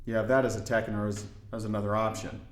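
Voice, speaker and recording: A man from Indiana explaining hand-drum technique in a relaxed, step-by-step way with folksy asides. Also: fairly low pitch, fast talker, roomy sound, faint music behind. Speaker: darbuka teacher. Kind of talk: instructional demonstration.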